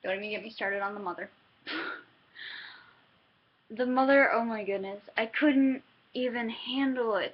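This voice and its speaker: A chatty young woman reviewing a book in a casual vlog, her voice a little high and slightly husky. She keeps interrupting herself and laughing as she talks. The recording is somewhat dull and lo-fi. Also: unhurried, pauses often.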